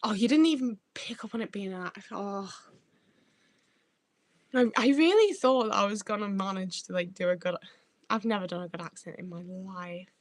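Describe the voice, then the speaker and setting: A woman's voice: mid-range voice, normal speed, no echo. A sweary, rambling woman streamer, dry close sound. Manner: rambling, swears freely, stumbles over words. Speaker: livestreamer reading chat. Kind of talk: casual livestream chat.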